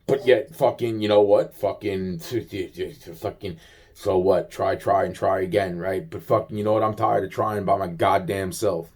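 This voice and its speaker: A man's voice: deep voice, fairly even intonation, measured pace, darkish tone. A man venting in a rambling casual monologue, agitated, profane and full of repeated fillers.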